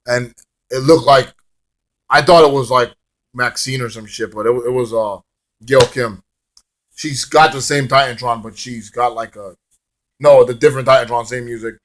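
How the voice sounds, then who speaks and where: A man's voice: medium pitch, fairly even intonation, moderate pace, pauses often. A man casually reviewing a wrestling show in a rambling, swear-laced manner, drifting into hummed song bits.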